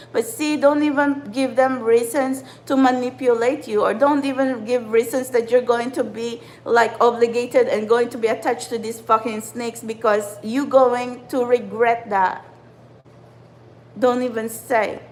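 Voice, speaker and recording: A woman's voice: a little high, slight background noise, low-quality recording. A woman, a spiritual channeler giving an upset, ranting monologue to her followers and swearing often. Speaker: spiritual channeler and tarot reader. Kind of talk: impassioned livestream monologue.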